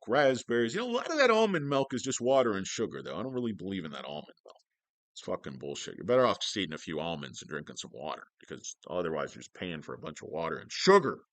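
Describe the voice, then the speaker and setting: A man's voice: medium pitch, fairly bright tone, clean tone, no echo. Guy doing a stock livestream, swears a lot, jokey and rambly, up and down voice, dry sound. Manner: profane, joking, rambling.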